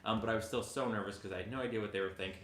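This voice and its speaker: A man in his twenties, co-hosting a vlog and telling a personal story in a casual, halting way with frequent restarts. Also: lowish voice, steady tone. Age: 20s. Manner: halting, self-interrupting storyteller. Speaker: vlogger, co-host. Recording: echoey room.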